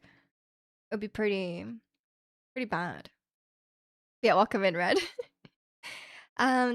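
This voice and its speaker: A woman's voice: sits high, no echo, clean studio sound. A young woman livestreaming from home, chatting in a rambling way and reading out viewer comments with light laughs.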